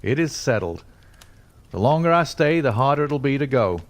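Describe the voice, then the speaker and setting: A man's voice: mid-range voice, lively intonation, normal speed, voice pushed up, lightly acted. A man voicing an ardent, resolute young pioneer who talks in an earnest, tender way.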